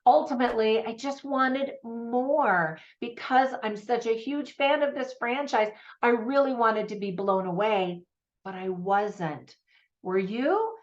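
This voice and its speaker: A woman's voice: a little high, slow pace, lo-fi sound. A woman giving a casual, chatty movie review for parents, often laughing.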